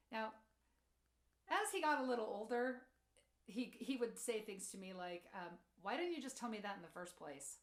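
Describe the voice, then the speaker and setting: A woman's voice: expressive, moderate pace. Storytelling woman in an echoey room. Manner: storytelling, acts out quotes, drops soft and low for tender moments. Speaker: speaker. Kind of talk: motivational talk with personal stories.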